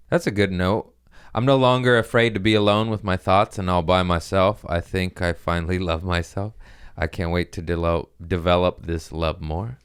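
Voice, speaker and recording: A man with a deep, smooth voice talks casually on his own podcast. He rambles loosely and crudely, mocking himself as he goes, and keeps it loose and unpolished. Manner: rambling, crude, self-mocking and laughing often. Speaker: podcast host. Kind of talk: casual solo chat.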